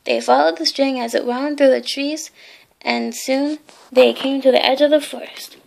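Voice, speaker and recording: A woman reads a bedtime story aloud, gently and with small asides. Her voice sits high and has a noticeable gravelly fry. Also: fairly even intonation, normal speed, slight background noise. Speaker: reader.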